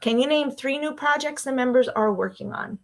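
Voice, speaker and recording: A woman hosting a solo livestream show, talking casually and excitedly with frequent laughs and fillers. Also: sits high, normal speed. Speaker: podcast host.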